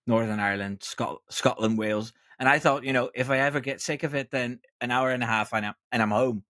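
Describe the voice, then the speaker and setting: A man's voice: medium pitch, fairly quick, a bit bright, no echo. Man, podcast host, rambling storytelling, lots of ums, dry close sound. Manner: rambling, hesitant, many ums and restarts. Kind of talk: casual chat, telling a joke.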